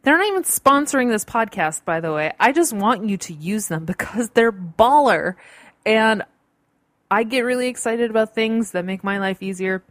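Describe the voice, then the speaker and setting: A woman's voice: a little high, expressive, moderate pace, no room sound. A woman hosting her own podcast in a bubbly, chatty way, with playful asides, recorded at home on a computer. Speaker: podcast host. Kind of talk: casual solo podcast talk. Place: home in a large city. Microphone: computer-recorded podcast mic.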